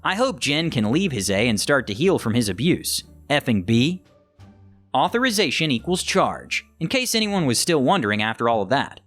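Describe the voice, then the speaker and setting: A man reading online stories aloud as scripted narration, animated and acting out the quoted lines. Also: mid-range voice, normal speed, faint music behind. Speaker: story narrator.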